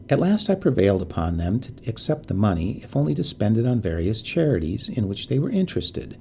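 A man narrating a quiet, creepy story in a measured, quietly suspenseful way. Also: on the low side, very animated, vocal fry, slight background noise.

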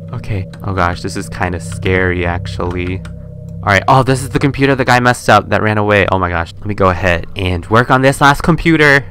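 A young man giving casual, excitable commentary while playing a game, often gasping and squealing when startled. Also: lowish voice, brisk. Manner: chatty, excitable, gasps and squeals when scared. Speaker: gaming YouTuber. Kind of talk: casual let's-play commentary. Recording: faint game music behind.

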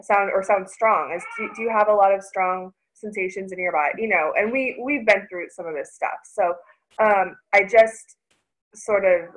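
A woman in her thirties presenting a parenting workshop in an informal way, often pausing to search for words and restarting her sentences. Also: medium pitch, rough recording.

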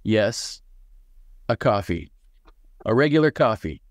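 A man's voice: on the low side, very animated, slow, no echo, clean studio sound. A man reading a story aloud and voicing a nervous, flustered man fumbling a coffee order at a drive-thru. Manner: nervous, hesitant.

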